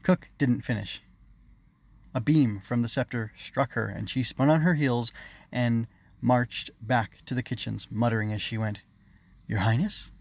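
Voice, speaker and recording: A man narrating his own children's story in a measured, expressive reading. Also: medium pitch, vocal fry.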